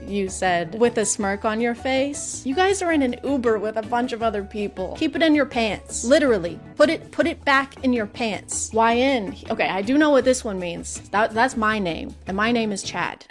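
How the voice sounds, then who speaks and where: A woman's voice: a little high, lively intonation, moderate pace, few pauses, music in the background. A woman hosting a reaction video, reading clips aloud and adding sarcastic, exasperated asides in casual commentary.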